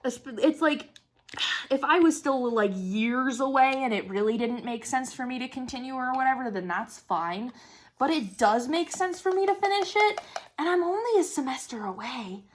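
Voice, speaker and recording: A woman's voice: high-pitched, animated, moderate pace. A woman in her twenties chatting casually and emphatically on her vlog, laughing often and swearing now and then. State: excited. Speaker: crafting vlogger. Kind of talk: casual chat.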